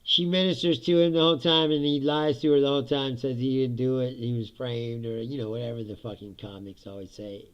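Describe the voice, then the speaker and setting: This podcast host delivers a casual, profane rant, laughing often along the way. His gravelly voice sits at a medium pitch with a level tone, and he talks a little fast with barely any pauses. The audio is dull and lo-fi.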